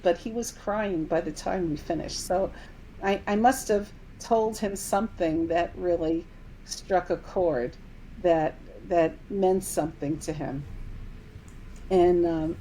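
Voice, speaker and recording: Animated woman telling a story. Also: mid-range voice, a little hiss or hum, low-quality recording. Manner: animated storyteller, acts out quoted dialogue. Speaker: medium and company CEO, podcast guest. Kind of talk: casual interview storytelling.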